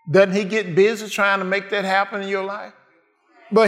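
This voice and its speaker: A man's voice: high voice, steady tone, moderate pace, a bit bright. A man preaching a sermon in a call-and-response way, asking the congregation questions and answering them.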